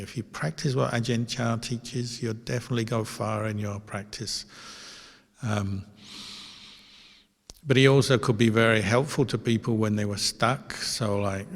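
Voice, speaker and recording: A man, a Buddhist monk giving a calm, gentle dharma talk through stories. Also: fairly low pitch. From Australia. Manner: calm, gentle anecdotal telling with fillers. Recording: long reverb, hall.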